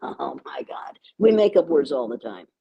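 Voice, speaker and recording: A woman's voice: extremely low pitch, sing-song, moderate pace, vocal fry, slightly rough, muffled recording. An older American woman speaking as an interview guest, emphatic and repeating words for stress. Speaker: guest educator. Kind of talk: conversational interview.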